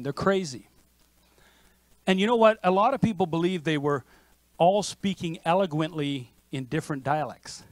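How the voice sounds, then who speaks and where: A man preaching a sermon as pastor, in a lively conversational manner with frequent restarts. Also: fairly high pitch, normal speed, no echo. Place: church sanctuary.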